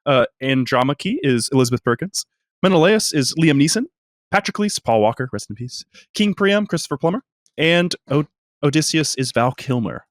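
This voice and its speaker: A man's voice: a little high, expressive, moderate pace, no room sound, studio quality. Laughing male podcast co-host. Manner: laughing, stumbling over words. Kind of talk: casual chat.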